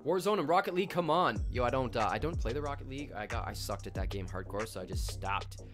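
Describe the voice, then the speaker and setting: A man's voice: mid-range voice, expressive, fast, music in the background. Hyped young Canadian streamer man. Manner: hyped, slangy, shouts out chat viewers by name. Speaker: livestream host. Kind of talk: casual live stream chat.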